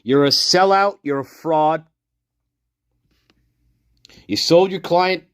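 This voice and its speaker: A man's voice: a little high, smooth, no echo, clean studio sound. A man giving angry true-crime commentary, profane and contemptuous, dragging out his insults. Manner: profane, contemptuous, name-calling; slow, drawn-out insults.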